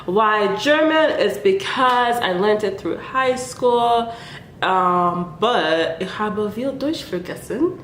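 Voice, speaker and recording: A woman's voice: medium pitch, lively intonation, takes it slowly, a bit bright, reverberant, a little hiss or hum. A woman whose first language is Dutch, chatting casually with lots of ums and laughs, with a stuffy nose. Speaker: vlogger. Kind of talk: casual chat and poem reading.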